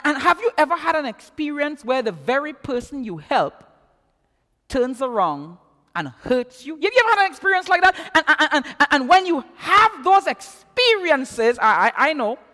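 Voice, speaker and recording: A man preaching a sermon in an animated way, often repeating words as he builds, in an echoey hall. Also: very high voice, moderate pace.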